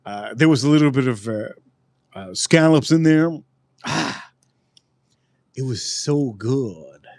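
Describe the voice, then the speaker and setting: A man hosts a casual live stream, talking to his chat about food. He rambles and repeats words as he goes. His mid-pitched voice sounds close and dry. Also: expressive, slow pace, creaky, pauses often, a little mellow, no echo. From United States.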